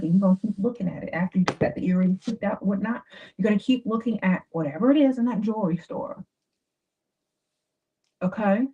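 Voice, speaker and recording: A woman giving dating advice in a chatty, animated livestream talk. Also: mid-range voice, husky. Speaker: advice host. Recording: dull lo-fi sound.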